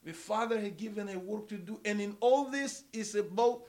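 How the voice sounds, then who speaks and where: A middle-aged man preaching a sermon, speaking slowly and deliberately, repeating key words for emphasis and addressing listeners as brother and sister. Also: sits high, a little mellow.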